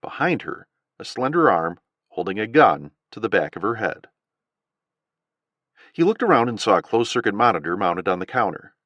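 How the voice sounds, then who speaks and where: A man narrating an audiobook thriller with an expressive, dramatic reading. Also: fairly low pitch, moderate pace, dry recording, muffled recording. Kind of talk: scripted narration.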